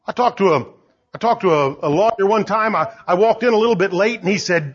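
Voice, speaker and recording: An older man preaching a sermon as pastor, emphatic and rising to shouts. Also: high-pitched, fairly quick, husky. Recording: dull lo-fi recording.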